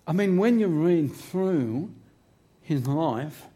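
A man's voice: on the high side, expressive, slow pace, mellow. A man preaching a sermon in church into a microphone, emphatic and humorous, drawing his phrases out. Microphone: handheld microphone.

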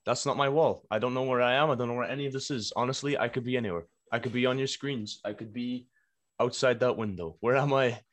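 A man's voice: mid-range voice, quick pace. A young Irish man, a rapper guest, chatting casually in an interview, laid-back and playful, laughing easily. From Ireland.

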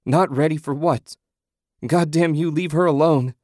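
A man voicing an anguished husband who pleads and shouts in despair. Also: mid-range voice, animated, measured pace, no room sound, studio quality, pitched above the performer's own voice. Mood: desperate. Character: anguished grieving husband, desperate and raw.

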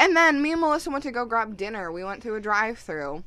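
A woman's voice: fairly high pitch, quick pace, dry recording. A woman co-hosting a podcast, ranting in casual chat with heavy swearing and quoted voices. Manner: profane, animated storytelling with quoted voices. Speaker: podcast co-host.

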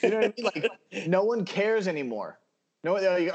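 High-voiced man ranting about his team. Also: animated, fairly quick, slightly rough, highs cut off. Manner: fiery profane rant with shouted peaks. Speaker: sports podcast panelist. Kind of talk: ranting sports talk.

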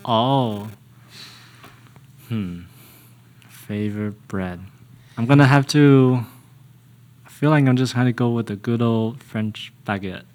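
A young man as a podcast guest, talking casually in a halting, hesitant way with frequent restarts. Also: mid-range voice, darkish tone.

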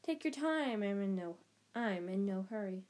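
Woman doing Riddle, quiet taunting dark wizard. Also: mid-range voice, lively intonation, moderate pace, lightly acted. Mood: gloating. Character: cold, gloating young male dark wizard. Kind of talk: audiobook reading.

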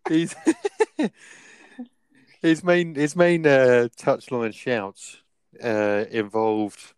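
A man's voice: mid-range voice, extremely slow, pauses often, clear, resonant tone, no room sound. A young man casually telling a rambling anecdote as podcast co-host, laughing often. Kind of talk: casual storytelling.

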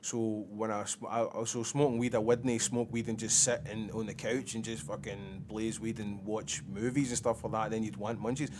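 A man's voice: on the low side, flat delivery, moderate pace, hardly any pauses, background noise. A Scottish man telling a rambling, sweary story on a casual podcast, laughing often. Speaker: podcast co-host. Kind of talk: casual chat.

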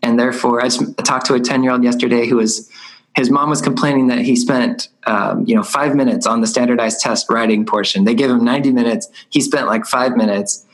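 A man's voice: medium pitch, fairly even intonation, a little fast, low-quality recording. A man hosting a podcast conversation, thinking aloud in a loose, rambling way. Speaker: podcast host. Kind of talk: casual conversation.

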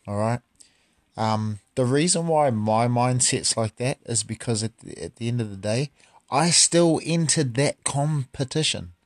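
A man's voice: medium pitch, lively intonation, measured pace, no room sound, studio quality. Blunt, profane New man. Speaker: martial artist. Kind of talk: casual monologue.

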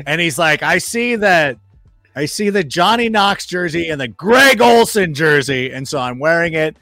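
A man with a lively, swooping pitch talks football as a studio guest. He tells his stories with flair, acting out what people said and swearing freely. The sound is dry and close, with faint music under it. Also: normal speed, no room sound. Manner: animated storyteller, acts out quoted remarks, swears freely. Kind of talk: casual sports chat.

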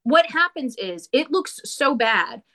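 A woman talking casually about a movie she watched, animated and opinionated, with quick asides. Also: high voice. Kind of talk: casual movie review chat.

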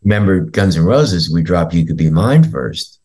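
A man's voice: deep voice, lively intonation, moderate pace, darkish tone, slightly rough, dry recording. A middle-aged man telling rock touring stories in a laid-back, laughing way. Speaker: guest drummer. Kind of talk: casual interview storytelling.

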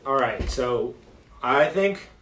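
A young man hosts a casual podcast in a relaxed, unhurried way. He often hesitates and fills pauses. Faint noise sits under his voice. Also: mid-range voice, rough recording. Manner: laid-back, hesitant, with many fillers. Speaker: podcast host. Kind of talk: casual chat.

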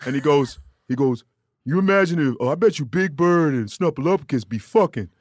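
A man guest on a podcast, a comedian telling profane, animated stories in casual chat and putting on voices of the people in them. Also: a little high, fairly quick, no echo, studio quality.

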